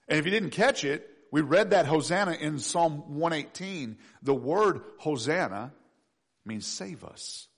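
A man preaching a sermon with a fairly high, very lively voice. He swings from quiet, low asides to loud, soaring pleas. His delivery is animated and full of feeling. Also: unhurried, slightly rough. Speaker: pastor.

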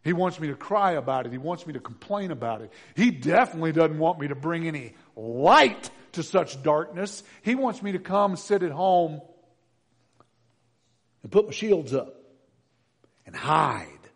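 A pastor delivers a sermon in a fairly high, very lively voice, unhurried and trailed by a long reverb. He shifts from quiet, chatty asides to loud, emphatic build-ups, frequently asking questions of the congregation and the children.

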